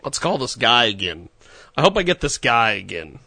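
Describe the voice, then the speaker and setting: A man's voice: mid-range voice, very animated, normal speed, gravelly, sharp tone, no echo. A man hosting a comedy radio show, making a prank phone call in a playful, mock-innocent way.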